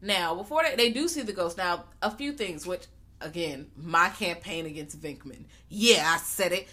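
A woman co-hosting a podcast, recapping a film in animated, profane casual chat and acting out the characters' lines. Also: lowish voice, moderate pace. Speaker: podcast co-host.

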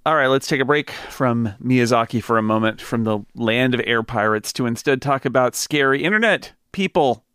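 A podcast host with a mid-range, fairly bright, clear and resonant voice reads an ad and chats casually about a film. He talks at normal speed with hardly any pauses, recorded in a clean studio with no echo.

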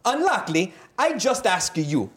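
A man reading a letter aloud as a female Italian fan, in a put-on Italian accent with halting, choppy broken English. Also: high-pitched, very animated, voice pushed up. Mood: gushing.

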